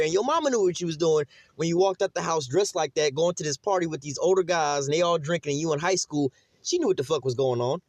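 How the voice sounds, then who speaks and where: A man's voice: a little high, fast, no echo. A man teaching a casual Bible lesson in a conversational, emphatic way, full of fillers.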